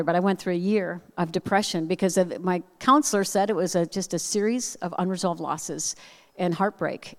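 Woman telling a story in a reverberant hall. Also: fairly low pitch. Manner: animated, self-deprecating humor, acts out voices. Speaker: speaker. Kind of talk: personal storytelling message. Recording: long reverb of a large hall.

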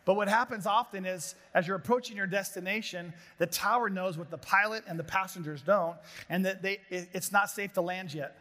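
A middle-aged man preaching a sermon to a gathering of pastors, telling animated stories with jokes. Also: high-pitched, fairly quick, few pauses. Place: large hall before an audience of pastors. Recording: long hall reverb.

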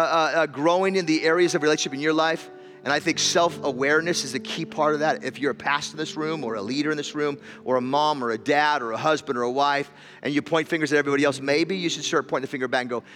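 A man's voice: a little high, fast talker. A man preaching in a church hall, telling a story with stumbles and repeated words. Faint music plays under his voice. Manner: storytelling, repeats words, builds to loud emotional climax. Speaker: pastor. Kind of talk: sermon.

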